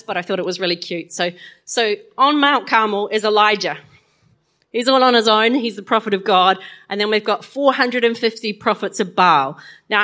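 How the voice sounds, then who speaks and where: A woman's voice: medium pitch, a bit bright. Chatty woman telling a Bible story. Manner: chatty, playful, asks listeners questions. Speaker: Bible lesson teacher.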